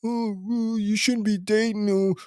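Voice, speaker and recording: Guy doing a whiny nagging dude voice, high and sneering, dry sound. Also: level tone, measured pace, darkish tone, clear, resonant tone, no echo. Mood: mocking. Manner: mocking, high whiny imitation. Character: whiny scolding man warning against dating.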